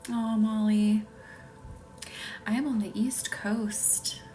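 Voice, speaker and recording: Southern US woman, stream host, soft half-whispered chat, giggly, faint music under. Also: mid-range voice, little pitch movement, slow pace, recorded from a distance. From Southern United States. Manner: soft, drifting into breathy near-whispers, laughs easily. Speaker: energy healer hosting a live stream. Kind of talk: casual live-stream chat with viewers.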